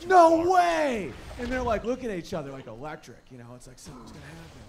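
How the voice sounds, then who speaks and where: A man from the Northeast United States doing a stand-up comedy set, animated, jumping into high excited voices for his dogs. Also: rapid-fire.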